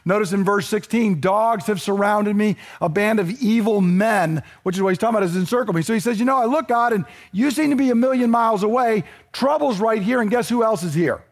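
Guy preaching, kinda high voice, chatty and emphatic, keeps saying okay. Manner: conversational preaching, animated and emphatic. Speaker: pastor. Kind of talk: sermon.

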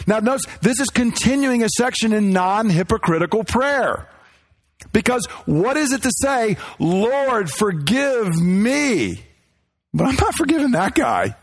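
A man's voice: sits high, husky. A male pastor preaching a sermon in a conversational, self-deprecating way, full of rhetorical questions.

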